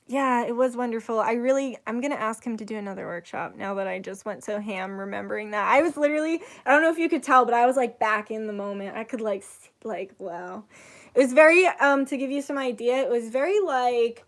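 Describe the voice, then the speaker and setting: A young woman chatting casually on her vlog, rambling with lots of "like", rising to loud, emotional bursts. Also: a little high, fairly quick. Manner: rambling, says "like" a lot, gets loud and emotional while retelling. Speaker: spiritual vlogger. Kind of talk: casual chat.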